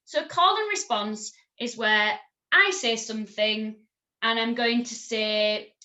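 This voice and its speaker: A woman teaching a recorded music lesson to children, encouraging and clear, singing and chanting examples. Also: on the high side, slow pace, pushed and bright.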